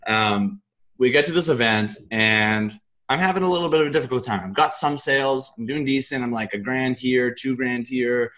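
Animated man telling a story. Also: medium pitch, normal speed. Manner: animated, acts out his own quoted thoughts; loose and colloquial, swears. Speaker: guest. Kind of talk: casual storytelling.

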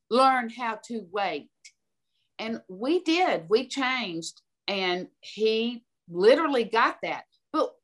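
An older woman from the American South, a podcast guest giving direct, emphatic advice and telling stories. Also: fairly high pitch. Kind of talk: conversational advice.

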